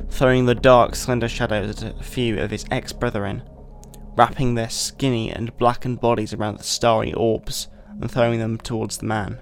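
A man hosting a podcast, giving a measured, deliberate dramatic reading of a short story. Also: mid-range voice, flat delivery, vocal fry. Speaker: podcast host.

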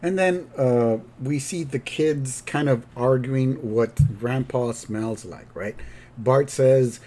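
A middle-aged man hosting a podcast, retelling a cartoon episode in a slow, rambling way with fillers and self-corrections. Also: mid-range voice, dark tone. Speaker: podcast host. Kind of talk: casual recap of a cartoon episode.

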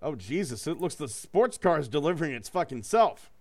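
A man's voice: fairly high pitch, big pitch swings, fairly quick, a little mellow. A man reading a choose-your-own-adventure book aloud to friends, with loose, joking and profane asides. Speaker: reader running a gamebook for friends.

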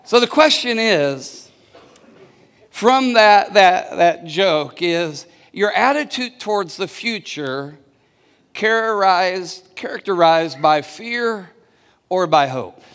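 Slow and expressive, this high, fairly bright male voice belongs to a pastor spinning a story from the pulpit and drawing call-and-response from his congregation. His words often restart and repeat, echoing with the long reverb of a big church hall.

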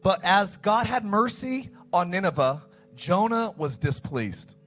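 A man preaching a sermon as pastor, animated, acting out the story's dialogue in quick asides. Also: sits high, faint music behind.

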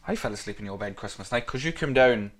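Man, lively, coughing through it. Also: medium pitch, quick pace. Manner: crude, swearing, laughing storyteller. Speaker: podcast co-host. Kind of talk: casual chat.

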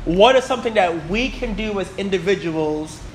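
A man's voice: sits high, animated, moderate pace, a little hiss or hum. A man in his twenties teaching a Bible class, chatty and full of stories, often asking "right?" and "you know?". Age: 20s.

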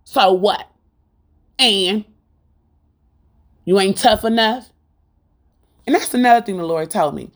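A woman delivers an informal Christian sermon with a fervent, preachy drive. She builds her points through rhythmic repetition and fires rhetorical questions straight at her listeners. Her voice sits in an ordinary middle pitch for a woman. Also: slow pace, pauses often. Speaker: Christian speaker.

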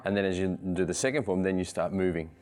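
A man's voice: low-pitched, fast talker, darkish tone. A man teaching a martial arts class, patiently coaching technique and repeating cues in rhythm.

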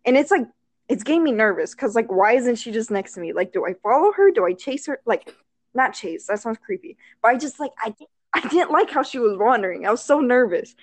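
A woman's voice: a little high, lively intonation, brisk, no room sound. A woman telling a personal story in casual chat, rambling with many fillers and laughing often as she acts out what was said.

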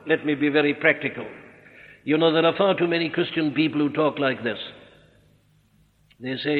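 A man preaching an expository sermon, earnest and emphatic, slowing down to stress his points. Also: fairly high pitch. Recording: echoey hall on a tinny narrow-band recording.

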